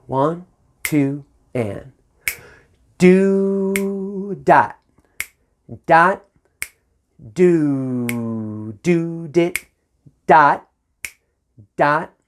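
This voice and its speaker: A man teaching a saxophone lesson on video, patient and encouraging, speaking syllables aloud in rhythm to demonstrate. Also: medium pitch.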